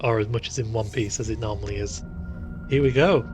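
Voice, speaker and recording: A man's voice: on the low side, a little fast, music in the background. Chatty man streaming a horror game. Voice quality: chatty, squeamish, laughs easily. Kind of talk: casual live gameplay commentary. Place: room sitting in the dark.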